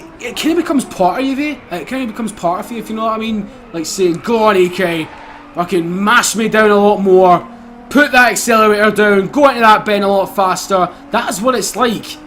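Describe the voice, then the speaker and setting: A young Scottish man giving excitable, casual commentary while playing a racing game, swearing and laughing often. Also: high voice, slight background noise. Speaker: gaming YouTuber.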